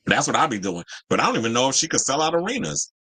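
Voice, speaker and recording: Animated chatty man with lilt. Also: mid-range voice, very fast, husky. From Georgia, USA. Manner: animated, chatty, laughs often, slangy asides. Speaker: host. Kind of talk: casual entertainment commentary with live chat.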